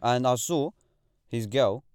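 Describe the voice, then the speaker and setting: A young man with a London accent, telling stories in quick, offhand casual chat. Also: mid-range voice, a little mellow, smooth, no room sound, clean studio sound.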